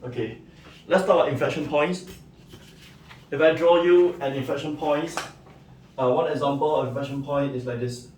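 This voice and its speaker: A man's voice: fairly high pitch, steady tone, normal speed, long pauses, a little mellow, a little hiss or hum. A man giving a recorded math lecture, explaining step by step and checking in with "right?" and "okay". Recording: echoey room, mic at a distance.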